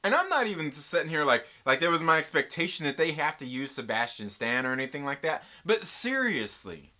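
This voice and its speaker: Fairly quick and medium-pitched, a YouTube reviewer of pop culture goes off in a casual, profane review, cracking jokes, cursing and tossing around slang like "bro" and "dude" in animated rants.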